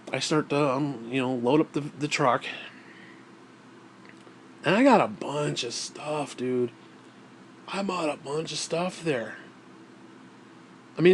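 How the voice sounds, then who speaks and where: A man's voice: fairly high pitch, a little hiss or hum. A man vlogging, telling a story in a casual, rambling way, swearing often and sounding exasperated.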